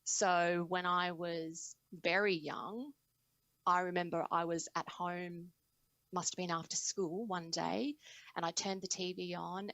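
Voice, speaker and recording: A woman with a low, gravelly voice talks through her own path into singing as an interview guest. She sounds reflective and lively, and the recording is dry and close. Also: no room sound, poor audio. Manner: reflective, animated storytelling with laughs. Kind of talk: conversational interview.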